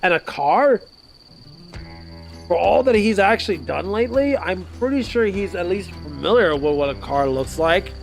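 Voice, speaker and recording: A man's voice: sits high, animated, moderate pace, gravelly, soft background music. A male streamer reading a dating game aloud in a rambling way, often correcting himself mid-sentence. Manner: rambling, self-correcting, giggly.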